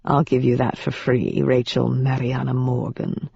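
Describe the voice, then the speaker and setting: A reader doing a suave, old-world demon with a clipped British accent, drawling each word slowly in a hushed, lowered voice. It sounds purring and sly, recorded dry and a little dull. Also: little pitch movement, creaky, breathy edge, no echo. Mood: amused, teasing. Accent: British (put on).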